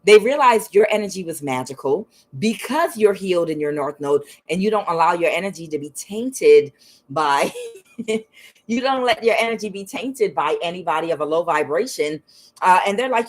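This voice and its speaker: A woman reading tarot in a casual spiritual chat, frank and profane, mimicking other people in a higher voice. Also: expressive, moderate pace. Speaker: tarot reader.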